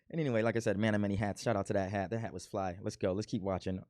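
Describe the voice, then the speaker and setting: A man's voice: on the low side, fast talker, a little mellow, dry recording, studio quality. Self-mocking man hosting a reaction video. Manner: self-mocking, playfully boastful. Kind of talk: casual joking commentary.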